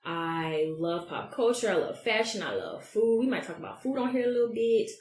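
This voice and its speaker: A woman, hosting her own podcast in a brash, profane, animated way. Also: mid-range voice, moderate pace, reverberant, slight background noise. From Georgia, US. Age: 30s. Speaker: podcast host. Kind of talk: casual solo podcast monologue.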